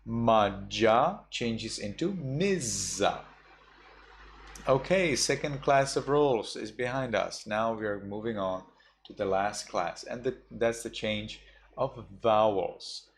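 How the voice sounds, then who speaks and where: Slow-spoken man teaching a class. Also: on the low side, a little hiss or hum. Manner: slow, explains step by step with many fillers. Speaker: Buddhist monk teacher. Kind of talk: online class lesson.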